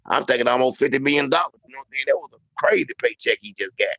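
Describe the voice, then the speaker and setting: A man's voice: mid-range voice, expressive, rapid-fire, gravelly, fairly bright tone, no room sound, low-quality recording. A man hosting a casual sports talk show, rambling and repeating himself with lots of "you know what I'm saying".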